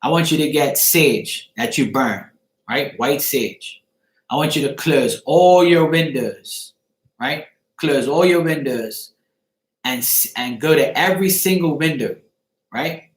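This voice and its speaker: A man's voice: a little high, slow. Emphatic swearing man in an echoey room. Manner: emphatic, repeats "right?", swears freely. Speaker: host of a live chat show. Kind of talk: casual live-stream advice to a viewer.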